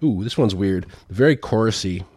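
Sardonic, foul-mouthed man with a low voice. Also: expressive, moderate pace, over loud music. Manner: sardonic, rambling and profane. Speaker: host. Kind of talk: casual commentary on news headlines.

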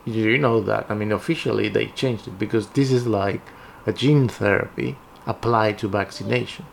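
A woman's voice: extremely low pitch, normal speed, gravelly, a little hiss or hum. A woman talking in a casual conversation, rambling and hesitant with frequent restarts.

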